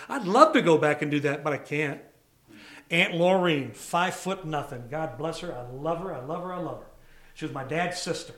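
A man preaching a sermon to a church congregation, telling personal stories with lively call-outs to the listeners. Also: a little high, a little fast. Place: church service before a congregation.

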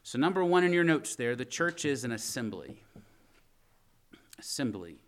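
A man's voice: mid-range voice, animated, fairly quick, smooth. A man preaching a conversational sermon to his church congregation, often asking them questions as he reads scripture. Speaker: pastor. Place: church sanctuary.

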